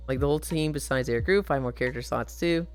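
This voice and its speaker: A woman's voice: low voice, darkish tone. A woman in her twenties streaming casually, telling profane stories and reading chat aloud.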